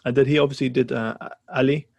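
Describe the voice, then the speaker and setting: A man's voice: mid-range voice, fairly even intonation, fast talker, creaky, a little mellow, no room sound, dull audio. A man co-hosting a podcast in casual chat, rambling with fillers and restarts. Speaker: podcast co-host.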